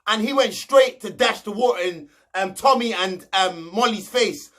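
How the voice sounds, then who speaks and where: A man's voice: sits high, normal speed, fairly bright tone. A young man, recapping reality TV gossip in a slangy, mocking, rambling way. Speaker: reality show recap host.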